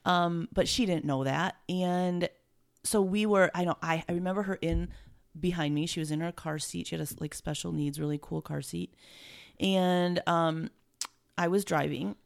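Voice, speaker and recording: A middle-aged woman with a low voice and a gravelly edge talks as an interview guest. She speaks from the heart, emotional and halting, and often breaks off and restarts. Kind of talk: heartfelt conversation.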